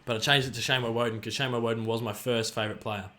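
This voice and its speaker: Excitable Australian man calling a live match. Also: medium pitch, fast talker. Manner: excitable, cheers and groans at players, chatty. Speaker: livestream host. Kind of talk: live watch-along commentary and chat reading.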